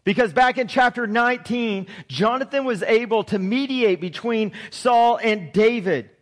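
A man preaching a sermon, retelling a scripture story in a lively way and reading verses aloud. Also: very high-pitched, measured pace.

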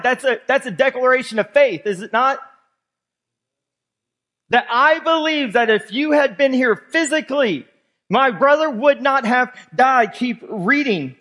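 A man with a very high voice for a man preaches a sermon. He reads scripture aloud and puts emphatic weight on each point as he works through the verses. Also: animated, a little slow, a bit bright. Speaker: pastor.

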